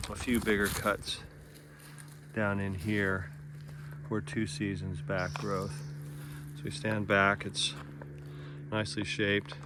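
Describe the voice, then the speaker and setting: A man with a Californian accent giving a relaxed outdoor garden demonstration, explaining plainly with small asides. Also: on the low side, noisy background. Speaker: nursery gardener.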